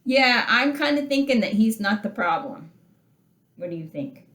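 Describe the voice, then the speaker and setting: Animated woman teacher in an echoey room. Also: fairly high pitch, normal speed. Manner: animated, talks to listeners with questions, reads passages aloud. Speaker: literature teacher. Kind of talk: lecture reading and discussing a story.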